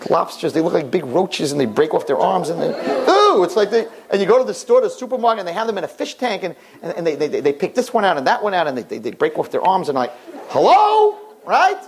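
An older man, a rabbi, preaching a sermon through an animated story and often jumping into high, excited voices. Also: fast talker, hardly any pauses, a little hiss or hum.

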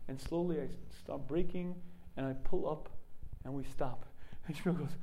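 A man giving a religious lesson through vivid storytelling, often clearing his throat. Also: fairly high pitch, steady tone, fairly quick, mellow, rough recording. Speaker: teacher.

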